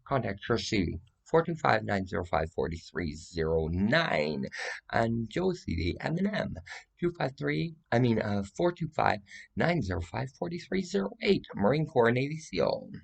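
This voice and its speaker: A man's voice: medium pitch, sing-song, normal speed, gravelly, breathy edge. A man giving a rambling, profane, agitated monologue that jumps from claim to claim.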